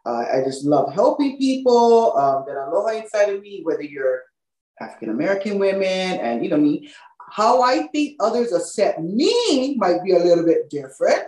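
A woman's voice: mid-range voice, moderate pace. A woman from Hawaii with a Hawaiian Pidgin accent, talking casually as a guest in an interview. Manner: relaxed, repeats "you know what I mean". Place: now living in Texas. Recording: roomy, distant from the mic.

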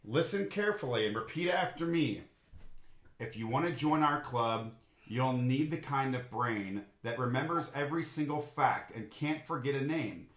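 A man's voice: mid-range voice, lively intonation, moderate pace, a bit bright, reverberant, close to an everyday voice. A man reading a storybook, voicing the dismissive animals who turn the duck away. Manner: dismissive, bored. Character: haughty male club-gatekeeper animals.

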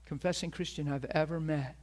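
A man's voice: fairly high pitch, fairly even intonation, a little fast, a little mellow. A middle-aged man preaching a sermon as a pastor, telling a personal story earnestly and acting out the voices of the people in it.

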